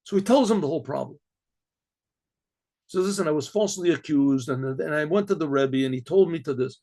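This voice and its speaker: A middle-aged rabbi telling a story aloud, with frequent throat clearing and many repeated, restarted words. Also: male voice, a little high, a little mellow. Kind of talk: spoken story narration.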